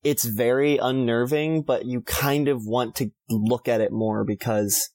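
A co-host in a relaxed recap conversation, with a mid-range voice. The delivery is loose and easygoing, full of quick laughs and casual swearing. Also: mid-range voice, dry recording. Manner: laid-back, swears freely, laughs often. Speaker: podcast co-host.

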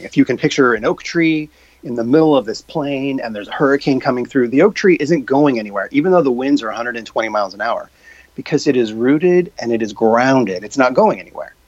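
A man's voice: medium pitch, no echo. A man talking as a guest in an interview, explaining his ideas with many fillers and acting out quoted reactions. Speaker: guest, purpose coach. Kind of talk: conversational interview. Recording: dull dry lo-fi sound.

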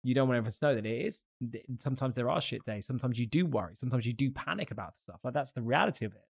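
A man's voice: mid-range voice, animated, rapid-fire, creaky, breathy edge. Candid, swearing man hosting a podcast. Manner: candid and loose, swears, laughs often. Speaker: podcast host. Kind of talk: casual interview chat.

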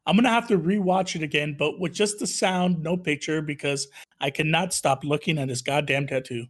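A man's voice: fairly high pitch, fairly quick. Blunt, joking man co-hosting a podcast. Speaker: podcast co-host. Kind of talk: casual wrestling podcast chat.

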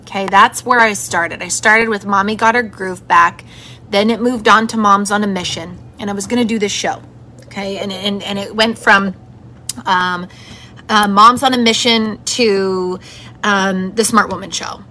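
A woman's voice: medium pitch, steady tone, unhurried, sharp tone, a little hiss or hum. A woman hosting her own podcast, talking in a chatty, encouraging and upbeat way. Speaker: podcast host. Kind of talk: solo motivational podcast talk.

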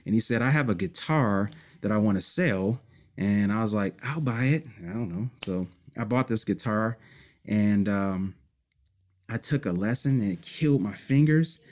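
Low-voiced man telling his story. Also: lively intonation, normal speed, darkish tone. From Detroit, United States. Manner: reflective, rambling with many fillers, laughs between stories. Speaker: musician guest. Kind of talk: casual storytelling interview.

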